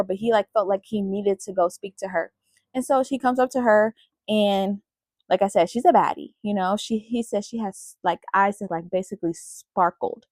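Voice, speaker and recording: A woman's voice: mid-range voice, darkish tone, dry recording. A woman host retelling a story in a chatty, casual way, with many fillers. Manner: chatty, full of fillers like "like" and "you know". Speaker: podcast host.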